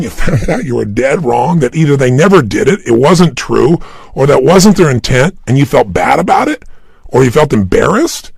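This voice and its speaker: A middle-aged man giving an energetic, emphatic motivational talk straight to the listener, recorded at a studio microphone without a script. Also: a little high, gravelly, husky, no room sound. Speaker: motivational speaker. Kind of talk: motivational talk for an audio program. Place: recording room, unscripted and standing.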